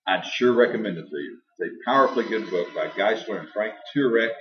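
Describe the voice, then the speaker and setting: A man preaching a sermon in a church hall, emphatic and folksy, slowing down to stress the passages he quotes aloud. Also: on the low side. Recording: echoey, distant, dull live church recording.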